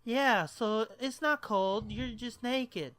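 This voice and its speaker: Man doing a drunk, exasperated boyfriend; bright, pushy delivery. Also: extremely high pitch, slow pace, no room sound, exaggerated voice. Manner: insistent, exasperated drunk explaining.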